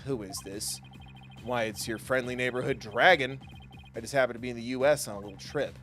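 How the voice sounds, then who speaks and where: A man's voice: medium pitch, a little fast, fairly bright tone, soft background music, natural voice. Brief: cocky, taunting turncoat voiced by a man, easy and offhand. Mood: smug. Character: smug, cocky male turncoat prosecutor.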